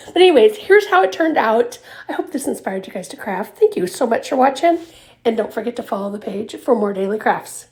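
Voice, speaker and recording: A woman's voice: fairly high pitch, expressive, brisk, darkish tone. A woman hosting a craft tutorial, chatty and upbeat, talking viewers through each step with fillers and little laughs. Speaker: craft video host. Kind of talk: casual craft tutorial narration.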